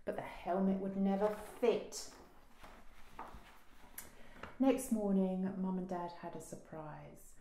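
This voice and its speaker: A woman librarian reading a children's picture book aloud with slow, expressive storytelling. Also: mid-range voice. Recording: roomy echo.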